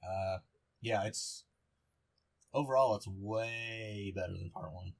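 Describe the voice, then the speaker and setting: A young man co-hosting a podcast in casual chat, relaxed and offhand. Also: fairly low pitch, takes it slowly. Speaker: podcast co-host.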